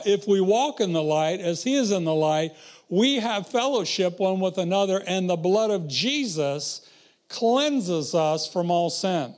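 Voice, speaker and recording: Male pastor, high voice, slow unhurried sermon delivery, quotes scripture and questions the congregation. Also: a little mellow.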